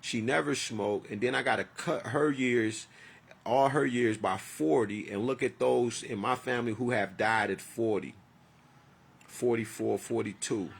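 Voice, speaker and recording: A man's voice: medium pitch, measured pace, gravelly, breathy edge. A man in his forties talking in a rambling, profane, heartfelt personal monologue. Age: 40s.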